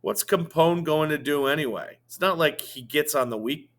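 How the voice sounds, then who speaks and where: A man's voice: a little high, normal speed, a bit bright, pitched above the performer's own voice. A male teacher voicing a blunt, skeptical teenage girl who speaks dismissively.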